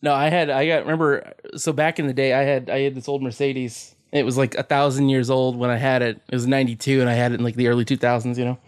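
A man's voice: medium pitch, little pitch movement, fast talker, hardly any pauses, clear, resonant tone, no room sound, clean studio sound. A man co-hosting a casual podcast, telling stories with a lot of swearing and frequent laughter. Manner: profane storyteller, laughing often. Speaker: podcast co-host. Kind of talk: casual chat.

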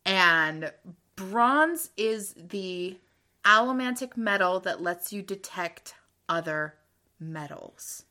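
A woman with a bright, clear tone co-hosts a relaxed book podcast. She explains ideas eagerly and at length and often breaks into laughter. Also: mid-range voice, slow pace. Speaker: podcast co-host. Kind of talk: casual book-club chat.

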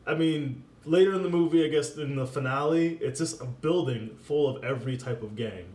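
A man's voice: fairly high pitch, a little fast. Giggly man recapping a movie, roomy sound. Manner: laughs often, animated recapping. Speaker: podcast co-host. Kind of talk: casual movie chat.

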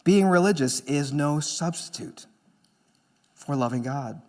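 A man preaching with a notably high voice. He is an earnest pastor, pressing some points hard and dropping to a hush on others. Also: expressive, measured pace. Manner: earnest preaching, swings between emphatic and hushed. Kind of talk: sermon.

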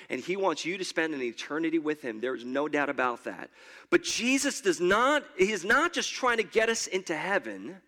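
A man's voice: sits high, sharp tone. A man pastor preaching a sermon in a church in a conversational way, often stammering and repeating his words. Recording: long hall reverb.

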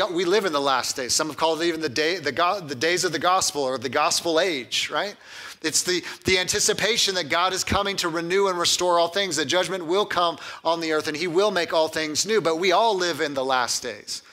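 A pastor preaching a sermon in a conversational, animated way, often repeating words and slipping in humor. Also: male voice, a little high.

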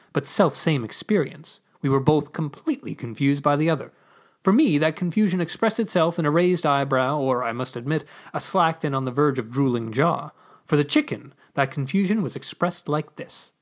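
A podcast co-host reading a comic story aloud in playful, wry deadpan narration. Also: medium pitch. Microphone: podcast microphone.

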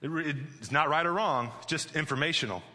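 A man's voice: a little high, brisk, sharp tone. A man preaching a sermon as pastor in a chatty, joking way, often restarting his sentences. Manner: conversational and joking, with frequent restarts and "like". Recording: long hall reverb.

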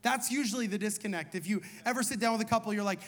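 Man, thirties, pastor preaching, high voice, casual filler-heavy delivery, repeated rhetorical questions. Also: fast, hardly any pauses, a bit bright. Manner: conversational, fillers like "like" and "you know", punchy repeated questions. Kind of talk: sermon. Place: church hall.

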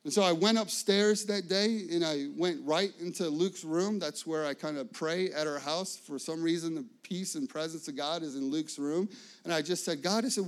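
Male pastor in his thirties, lively sermon storyteller, voice a touch high. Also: normal speed. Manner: animated storytelling, acts out dialogue, fillers.

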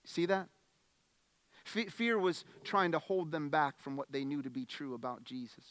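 High-voiced earnest man preaching. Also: lively intonation, moderate pace, no room sound. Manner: repeats opening words, stammered restarts, emphatic and earnest; swings between hushed lines and loud emphatic ones. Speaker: pastor. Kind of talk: sermon.

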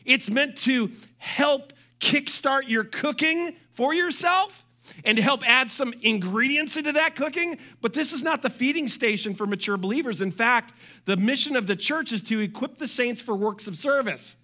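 A high, bright male voice preaching to his congregation. He is a middle-aged pastor who keeps things animated, slipping in joking asides and putting on voices for the people he quotes. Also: moderate pace. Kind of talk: sermon.

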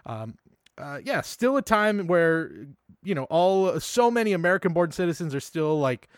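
A fairly high-voiced man co-hosting a podcast, talking in an animated, eager rush peppered with "uh" and "um." The sound is dry and close, with no room around it. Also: moderate pace, clean tone, no room sound. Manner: animated, enthusiastic, many fillers. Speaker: podcast co-host. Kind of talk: casual film discussion.

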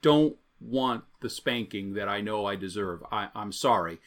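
A man's voice: on the low side, measured pace. A man voicing a remorseful pre-teen boy in a sermon story, stammering and apologetic.

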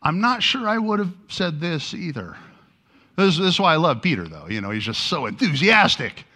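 Animated male preacher with a bright voice. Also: fairly high pitch, moderate pace. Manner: animated storytelling, acting out quoted lines. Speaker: pastor. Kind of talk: sermon.

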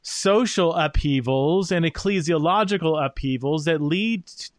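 A man's voice: fairly high pitch, unhurried, no echo. A man hosting a podcast, talking through ideas in a thoughtful, searching way with many fillers. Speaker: podcast host. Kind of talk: interview conversation.

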